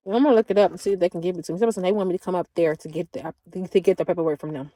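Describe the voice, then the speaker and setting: A woman's voice: on the low side, steady tone, rapid-fire, mellow, no room sound. A woman livestreaming in a casual chat, drawling and talking back to her viewers.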